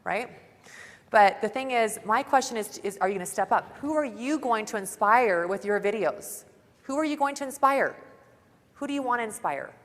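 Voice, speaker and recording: A woman's voice: on the high side, lively intonation, moderate pace. Chatty woman speaking in a big hall. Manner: upbeat, chatty, says "like" often. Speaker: conference speaker. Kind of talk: motivational stage talk. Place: large conference hall. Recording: long reverb of a large hall.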